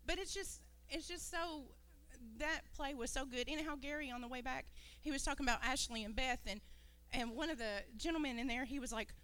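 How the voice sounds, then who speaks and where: A woman's voice: high-pitched, brisk, fairly bright tone, clean tone. A woman giving an earnest, rambling talk to a church congregation, sometimes losing her train of thought.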